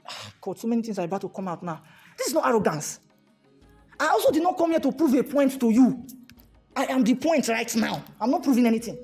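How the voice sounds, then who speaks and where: A Nigerian man giving a motivational talk to a live audience, animated and fond of repeated rhetorical questions, slipping into pidgin. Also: very high-pitched, a little fast, soft background music. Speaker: motivational speaker.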